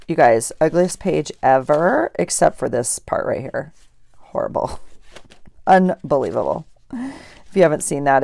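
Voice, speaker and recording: A woman's voice: low-pitched, creaky, a little mellow. A woman vlogger chatting casually at her craft desk, thinking aloud as she journals and opens mail. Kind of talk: casual chat while journaling.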